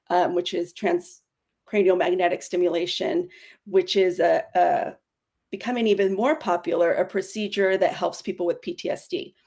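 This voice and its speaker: A woman in her forties speaking earnestly as a podcast guest, with quick self-correcting bursts in candid conversation. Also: on the low side, darkish tone. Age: 40s.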